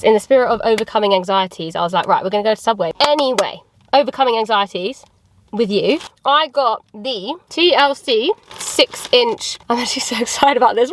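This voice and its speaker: A woman with a British accent talking candidly to camera in a casual vlog, chatty and quick to laugh, speaking from her parked car. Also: medium pitch. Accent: British English. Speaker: vlogger.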